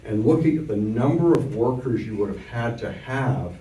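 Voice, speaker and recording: An older man lectures adult learners on economics, recounting stories from memory in a wry, explanatory manner. His mid-range voice is dark, with lively intonation at a normal speed. He's recorded from far off in an echoey room.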